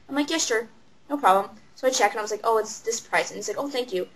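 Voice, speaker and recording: A woman's voice: fairly high pitch, slight background noise, rough recording. A young woman who works as a cashier, telling stories about customers in a chatty, rambling way and acting out their lines. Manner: chatty, rambling, acts out customers in quick quoted voices. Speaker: retail cashier. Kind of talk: casual vlog storytelling.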